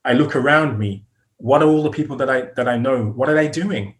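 Give me an earnest, middle-aged British man in a relaxed interview. His voice sits in a plain middle register. He restarts phrases as he gathers his thoughts and laughs lightly now and then. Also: mid-range voice, a little fast. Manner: earnest, repeats words as he thinks, chuckles often. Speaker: podcast guest. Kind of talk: reflective interview storytelling.

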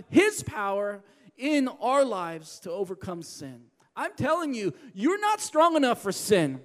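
A man preaching a sermon as pastor, swinging from loud emphatic lines to hushed, quiet ones. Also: very high voice. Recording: long hall reverb.

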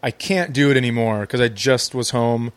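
A man's voice: mid-range voice, steady tone, moderate pace, dry recording. Wry laid-back man from Minnesota. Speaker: guest comedian. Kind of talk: casual chat.

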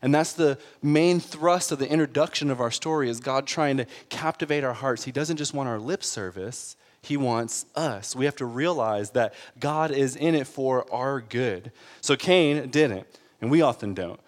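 A man's voice: mid-range voice, normal speed, long reverb tail. A man preaching a sermon in an earnest, conversational way, building to emphatic peaks. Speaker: pastor.

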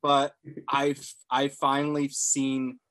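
A man's voice: medium pitch, monotone, slow pace, fairly bright tone. A man in his thirties, co-hosting a podcast, talking bluntly and getting emphatic about his opinions. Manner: blunt, contrarian, rising to emphatic. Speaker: podcast co-host. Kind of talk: casual podcast chat.

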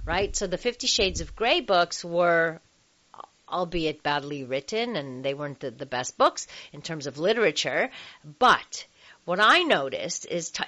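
A woman's voice: on the low side, very animated, measured pace, sharp tone. Chatty woman radio host, lo-fi sound. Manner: chatty, frequent fillers, laughs easily. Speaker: radio sex-talk show host. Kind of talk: casual radio talk.

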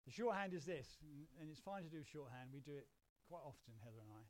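Talking fast in a voice on the high side, a middle-aged man from England preaches a conversational, animated sermon. As a pastor, he acts out small quoted voices along the way.

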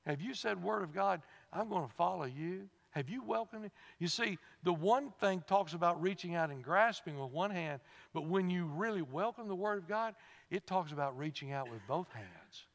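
Preacher in a reverberant church. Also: male voice, high voice, lively intonation, moderate pace. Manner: conversational, asks the congregation questions, laughs at his own stories. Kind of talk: sermon. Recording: long hall reverb.

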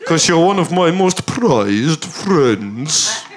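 A man's voice: fairly high pitch, big pitch swings, extremely slow, heavily acted. A man putting on a soppy Scandinavian charmer. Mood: flirty, dreamy. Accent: Scandinavian put-on. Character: flirty male Scandinavian celebrity, dreamy and earnest. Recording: background noise.

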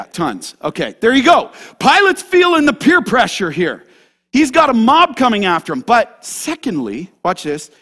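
Lively high-voiced man preaching. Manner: animated, talks straight to the congregation; swings between loud emphasis and hushed asides. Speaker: pastor. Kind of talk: sermon.

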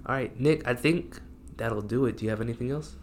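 A young man co-hosting a casual sports podcast, chatting in a relaxed, conversational way. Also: medium pitch, fairly quick, a little hiss or hum. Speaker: podcast co-host.

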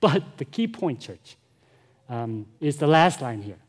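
A man's voice: mid-range voice, very animated, measured pace. A male pastor preaching a sermon, earnest and emphatic, often addressing the congregation directly.

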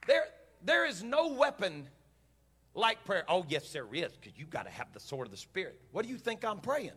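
Male pastor, fervent sermon delivery, high sharp voice that builds to shouting. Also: huge pitch swings, moderate pace, slight background noise. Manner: impassioned, swells to shouting.

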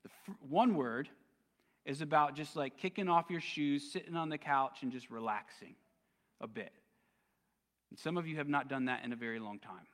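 A man's voice: on the high side, normal speed, a bit bright, long reverb tail. A man preaching a sermon as pastor, conversational and casual, with plenty of slang. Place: church sanctuary.

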